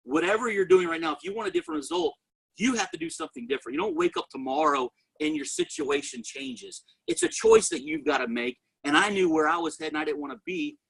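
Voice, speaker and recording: A man giving an energetic motivational sales testimony and talking straight to his audience as a network marketing presenter. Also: high voice, fast talker, gravelly, slightly rough, poor audio.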